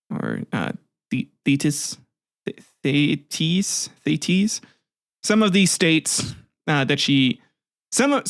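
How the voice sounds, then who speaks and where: A man's voice: a little high, no room sound, clean studio sound. A man hosting a casual history podcast, retelling myths with swearing, laughter and jokey asides, often restarting his sentences. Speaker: podcast host.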